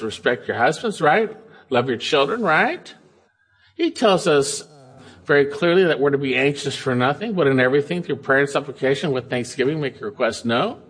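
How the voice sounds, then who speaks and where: A man preaching an expository sermon, reading verses and explaining them with emphatic stress, rising high on key words and dropping low on asides. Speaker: pastor.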